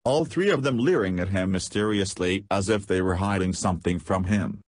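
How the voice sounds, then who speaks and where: A man's voice: low-pitched, moderate pace, darkish tone, no echo. A man reading an audiobook aloud, narrating a gritty story. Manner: reads dialogue aloud with profanity.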